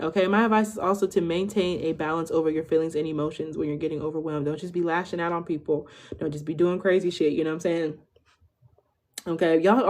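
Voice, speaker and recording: A woman's voice: lowish voice, darkish tone. A woman in her twenties giving a casual live tarot reading, chatty and slangy, tagging nearly every phrase with "okay?". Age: 20s. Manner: slangy, informal delivery. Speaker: tarot reader.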